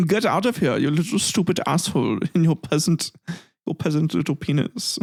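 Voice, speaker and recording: A man's voice: on the high side, animated, normal speed, vocal fry. A man voicing a snooty male German noble who mocks peasants in sneering baby talk.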